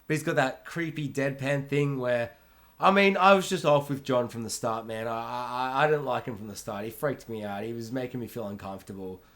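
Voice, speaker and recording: A man co-hosting a podcast, talking about a film in casual chat, animated and quick to swear and burst into loud reactions. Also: medium pitch. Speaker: podcast co-host.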